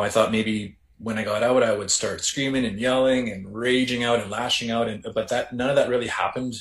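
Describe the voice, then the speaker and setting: A Canadian man, a former correctional officer, recounting his story in a reflective, halting way with many restarts. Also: lowish voice. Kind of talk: casual storytelling interview. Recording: roomy echo.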